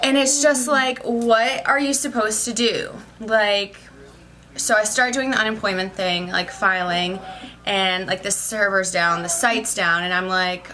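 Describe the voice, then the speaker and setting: A woman's voice: medium pitch, steady tone, unhurried, a crowd in the background. A young woman talking about her day in a casual, emotional vlog, rambling and saying "like" a lot. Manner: emotional, rambling, says "like" constantly. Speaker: vlogger, social worker.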